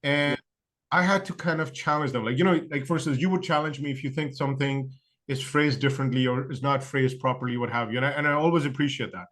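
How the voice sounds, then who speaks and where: Man, interview guest, reflective, filler-heavy, restarts sentences, mid pitch. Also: steady tone, quick pace, fairly bright tone. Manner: thoughtful, lots of fillers and restarts; acts out other people's quoted excuses. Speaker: podcast guest. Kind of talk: conversational interview.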